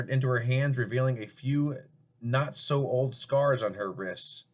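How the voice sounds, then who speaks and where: A man reads a fairy tale aloud in a plain, steady narrating voice. His pitch is ordinary for a man. The recording sounds dull and lo-fi. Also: a little slow. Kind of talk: amateur storybook reading.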